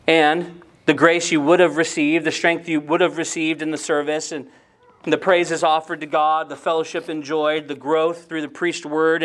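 A man's voice: on the high side, fairly bright tone. A man preaching a sermon in an earnest way, often repeating words and asking rhetorical questions.

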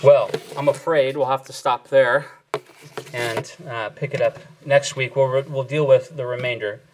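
A man's voice: medium pitch, fairly even intonation, measured pace, noisy background. Earnest male pastor teaching. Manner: earnest teaching with frequent fillers and restarts. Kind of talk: sermon teaching and closing prayer.

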